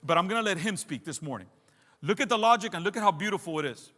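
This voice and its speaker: A man delivers a sermon in a high, bright voice, pressing his points with repeated phrases and calling out to the congregation. His words ring with the long reverb of a big church hall. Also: animated, fast. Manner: emphatic, repeats phrases, addresses the congregation directly. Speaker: pastor. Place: church sanctuary.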